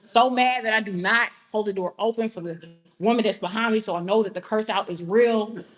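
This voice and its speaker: Faint music plays behind a young Southern-accented poet from Georgia as she performs a funny spoken-word piece. Her medium-pitched voice moves a little fast, and she banters with listeners between lines in a storytelling manner.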